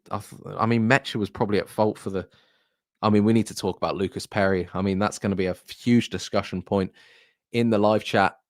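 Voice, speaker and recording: A young man streaming a live football watchalong, hoarse after hours of commentary, deflated and halting, repeating himself as he reads the chat. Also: fairly low pitch, no room sound, studio quality.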